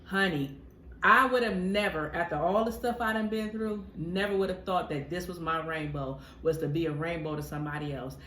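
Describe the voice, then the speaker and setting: A woman's voice: lowish voice, brisk, bright, forceful tone. A woman co-hosting a podcast, talking in a casual, heartfelt way, emphatic and preacherly, calling listeners "honey". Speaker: podcast co-host. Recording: echoey room with faint noise.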